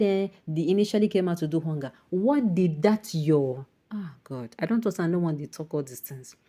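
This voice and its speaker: A Nigerian-accented woman with a slightly low voice presents news and then turns to heated commentary. She speaks indignantly, throws in Pidgin phrases, and exclaims rhetorical questions. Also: warm tone.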